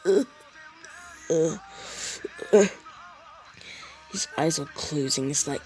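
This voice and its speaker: Young man, unhurried rambling fan-story narrator, casual and unscripted. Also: a little high, darkish tone, faint music behind, poor audio. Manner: rambling, full of fillers and asides.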